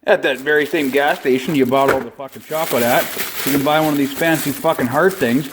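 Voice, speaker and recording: Against a noisy background, a Canadian vlog comedian rattles off a foul-mouthed, mock-solemn how-to in a shop or garage. His voice is medium-pitched and fairly quick, the delivery deadpan and profane.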